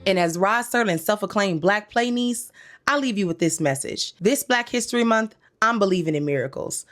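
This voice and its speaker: A woman's voice: medium pitch, lively intonation, moderate pace, a bit bright, faint music behind. A woman in her thirties giving a comedic recap of a TV episode, telling the story in a playful, slangy way full of asides. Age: 30s.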